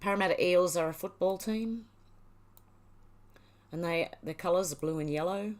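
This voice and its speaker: A woman's voice: on the low side, moderate pace. A woman from Australia, casually reading news items aloud and mocking them. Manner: sarcastic, reads headlines aloud and mocks them. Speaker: channel host.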